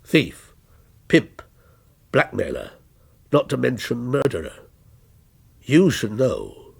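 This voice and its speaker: A man playing a vengeful policeman who taunts with slow, cold menace, his voice gravelly and a little husky, rising and falling a great deal. A dark figure from a short story read aloud. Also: medium pitch, wildly swooping pitch, pitched below the performer's own voice, full character voice. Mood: menacing. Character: menacing male policeman, a vengeful character come alive.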